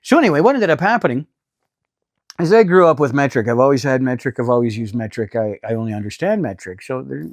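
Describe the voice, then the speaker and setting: A man's voice: medium pitch, animated, fast talker, no room sound. A middle-aged man, talking casually to camera about RV costs in a chatty, exasperated, self-deprecating way. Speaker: RV vlogger. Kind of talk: casual vlog talk.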